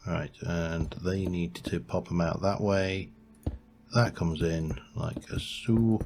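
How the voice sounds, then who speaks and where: A man with a low, deep voice talks through a building game at a slow, easy pace. He rambles and corrects himself as he works, and hums tunelessly to fill the pauses. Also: a little mellow. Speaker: let's play host. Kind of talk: gameplay commentary.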